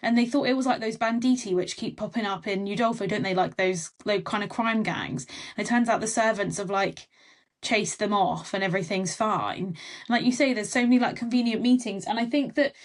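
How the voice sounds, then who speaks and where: A woman's voice: medium pitch, a little fast. A woman co-hosting a podcast, chatting casually about a novel's plot, quoting characters and adding tag questions. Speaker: podcast co-host. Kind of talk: casual book chat.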